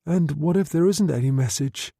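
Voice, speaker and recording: A man reading a novel aloud, voicing a worried wartime wife in a raised, gentle tone. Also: low voice, normal speed, creaky, slightly rough, no echo, studio quality, voice pushed up, exaggerated voice. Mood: anxious.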